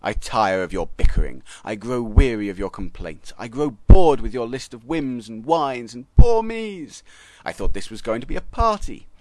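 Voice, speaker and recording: A man doing a booming fed-up voice. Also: very animated, moderate pace, few pauses, no echo, natural voice, poor audio. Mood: scolding. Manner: loud, scolding, exasperated. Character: booming fed-up male voice from the trees.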